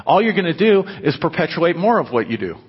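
A man's voice: on the high side, big pitch swings, brisk, slightly rough. A man preaching a sermon to his congregation in a conversational manner, breaking into emphatic, raised bursts. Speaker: pastor. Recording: dull muffled audio with long hall reverb.

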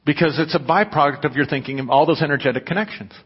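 Speaking quickly in a voice on the high side with a breathy edge, this pastor preaches to his flock in a conversational way, punctuated by loud, emphatic outbursts. Everything sounds muffled and dull, trailing off in a long hall echo.

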